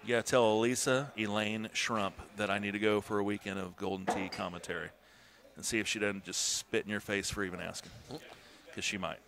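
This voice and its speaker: Male co-commentator, bright tense voice, casual banter with sudden shouting. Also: fairly low pitch, a little fast, a little hiss or hum. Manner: excitable, swearing, bursts into shouts. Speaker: stream commentator.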